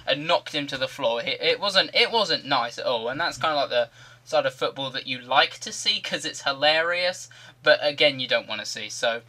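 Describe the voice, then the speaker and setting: A man's voice: mid-range voice, lively intonation, moderate pace, bright, forceful tone. A man giving rambling, jokey commentary over a video game. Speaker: gaming commentator.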